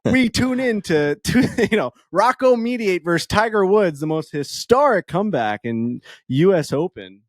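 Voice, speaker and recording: Young guy on a golf pod, highish voice, dry sound, keeps laughing while he acts out quotes. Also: expressive, moderate pace, hardly any pauses, no echo. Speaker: podcast co-host. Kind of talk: casual chat.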